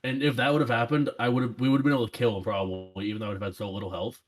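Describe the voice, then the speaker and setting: A man's voice: mid-range voice, little pitch movement, rapid-fire. A young man co-hosting a podcast, chatty and making crude jokes in casual talk with friends. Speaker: podcast co-host. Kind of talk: casual gaming chat.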